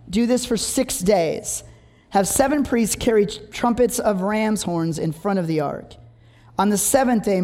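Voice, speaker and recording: A preacher delivers a sermon in a voice of middling pitch, moving between reading scripture and telling playful stories. The sound rings with the long reverb of a large hall. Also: a little mellow. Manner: humorous, anecdotal, reads scripture aloud.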